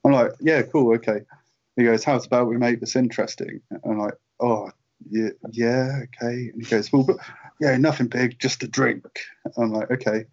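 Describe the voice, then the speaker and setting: A British man in his late thirties, a merchandise writer appearing as a guest in an interview, rambles through a long casual anecdote full of fillers and chuckles. His mid-range voice is steady, moderately paced, and a little mellow, heard through dull lo-fi call audio.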